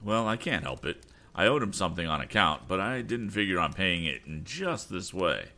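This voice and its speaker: A man's voice: low voice, big pitch swings, moderate pace, pushed and bright, heavily acted. A man voicing an easygoing young inventor. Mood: musing. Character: good-natured young male inventor, easygoing.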